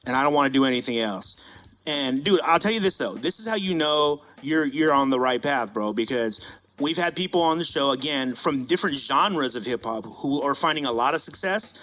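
A man hosting a podcast in casual chat, energetic and emphatic, saying dude and like a lot. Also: a little high, moderate pace. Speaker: podcast host.

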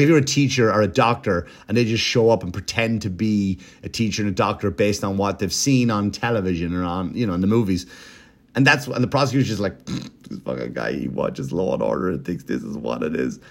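A man hosting a podcast, telling a story in a rambling, profane, casual comedic way, with mocking impressions. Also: on the low side. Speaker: podcast host.

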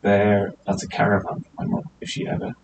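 A man hosting a casual podcast, teasing his guests and jumping up high when excited. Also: fairly quick, gravelly, muffled recording. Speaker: podcast host. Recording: distant mic, faint hiss.

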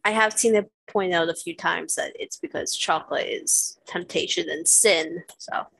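A woman's voice: on the low side, moderate pace, gravelly, fairly bright tone, husky, poor audio. Earnest woman explaining on a podcast. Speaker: podcast co-host. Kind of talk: casual podcast chat.

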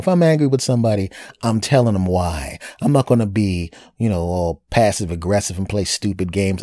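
A man hosting a podcast, telling a personal dating story in a casual, animated and crude way, joking and scatting silly sounds. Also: low-pitched, no room sound, studio quality. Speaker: podcast host.

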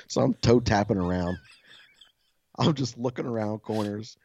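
A self-described soft-spoken man, a podcast co-host, telling a story casually, swearing freely and laughing often. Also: fairly low pitch, normal speed, gravelly, lo-fi sound.

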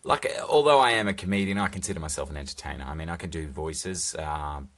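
A man's voice: very deep voice, quick pace, fairly bright tone. A young man hosting a solo podcast from his phone, rambling through casual, profane chat with jokey asides. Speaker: podcast host. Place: recording alone on a phone.

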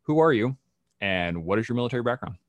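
A man's voice: mid-range voice, expressive, fast talker, dry recording. A man hosting a podcast interview, a former army instructor, greeting listeners upbeat and keeping prompts short.

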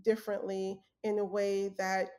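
A woman's voice: medium pitch, little pitch movement, moderate pace, a little mellow. An earnest young adult woman telling her story in a casual interview, with fillers and restarts. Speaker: guest, former journalist.

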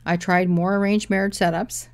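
A woman's voice: medium pitch, little pitch movement, moderate pace. A woman in her thirties, an author, telling her own story with dry humor and reading from her novel. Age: 30s.

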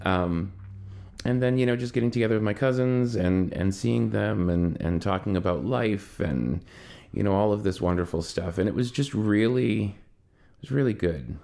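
A man with a fairly low voice talks through a personal story in a loose, conversational way. He leans on fillers and restarts, and his voice jumps up and down as he gets animated. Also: moderate pace, gravelly. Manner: rambling, many fillers, animated pitch swings. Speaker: podcast co-host.

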